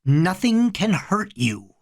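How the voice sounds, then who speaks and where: A reader voicing a furious, panicking older boy who yells in a high, tinny voice in a storybook reading. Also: sing-song, takes it slowly, exaggerated voice. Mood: cold hypnotic. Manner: shrill yelling.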